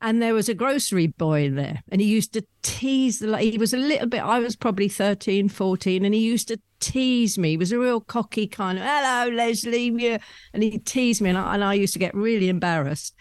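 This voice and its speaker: A woman, a guest telling rambling stories about her past with soft laughs. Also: medium pitch, brisk, dry recording. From London, England. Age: 70s. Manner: chatty, rambling storyteller with frequent soft laughs. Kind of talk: conversational anecdotes.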